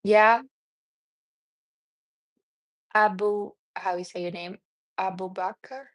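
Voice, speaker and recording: A woman with a Brazilian accent speaks in a casual, earnest live-stream style, her everyday voice sitting mid-range and jumping up high when she gets lively. The sound is close and dead dry, with no room in it. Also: measured pace, no room sound. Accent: Brazilian Portuguese. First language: Portuguese. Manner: earnest, reads live chat names, answers viewers. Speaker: self-esteem coach hosting a live stream.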